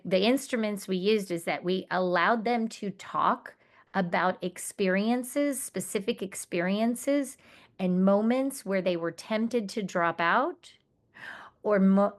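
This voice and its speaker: A woman presents to an audience of teachers. She explains her findings earnestly, pausing to restart and clarify, and her voice sits at an ordinary pitch for a woman. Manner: earnest, explanatory, with restarts and quoted student words. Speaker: conference presenter. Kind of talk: conference presentation.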